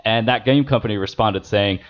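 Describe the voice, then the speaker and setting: A man hosting a casual gaming podcast, talking in an animated way, with many fillers and laughs. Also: fairly low pitch, fairly quick. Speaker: podcast host. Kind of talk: casual podcast chat about games. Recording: dull lo-fi podcast audio.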